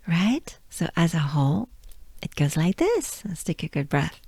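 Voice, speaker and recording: A woman's voice: on the low side, animated, unhurried, warm tone, breathy edge, no room sound, clean studio sound. A French-accented woman, a native French speaker, teaching pronunciation as host. She patiently repeats sounds and coaches the listener along. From France. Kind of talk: pronunciation drill lesson.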